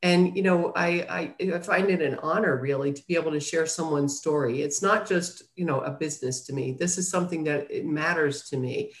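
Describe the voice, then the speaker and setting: A woman publisher with a deep voice speaks fairly quickly with few pauses, talking earnestly as a guest in a casual interview. The recording has a roomy echo.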